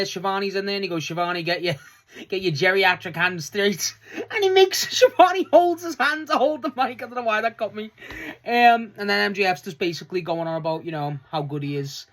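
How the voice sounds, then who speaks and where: In a relaxed solo vlog, a wrestling fan breaks down last night's show, swearing and laughing freely. Excitement sends the voice jumping high.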